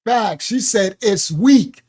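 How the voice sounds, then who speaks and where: A man hosting a livestream, reacting to clips loudly and laughing often into his own microphone. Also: high voice, slow, slightly rough, faint music behind. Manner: animated, loud, laughs often. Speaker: livestream host. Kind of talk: live reaction commentary.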